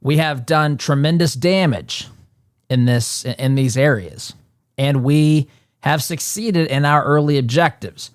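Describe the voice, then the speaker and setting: A man's voice: on the high side, a little slow, clean tone, no room sound. Emphatic male talk-show host, dry sound. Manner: emphatic, repeats words while building a point. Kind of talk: political commentary monologue.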